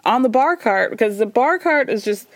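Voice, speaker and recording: A woman's voice: fairly high pitch, lively intonation, moderate pace, dry recording. A young woman hosting a podcast, recapping reality TV in a chatty, sassy and profane way. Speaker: podcast host. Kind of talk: casual pop culture recap.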